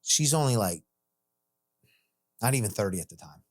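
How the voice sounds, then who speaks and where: A man's voice: lowish voice, big pitch swings, normal speed. A man telling a story from his own life in casual podcast chat, rambling and profane, full of "like" and "dude", acting out the voices of the people in it.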